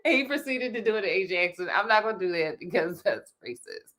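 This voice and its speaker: Animated laughing woman podcast host. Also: mid-range voice, fast, background noise. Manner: animated, laughing, stammering restarts. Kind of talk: casual chat.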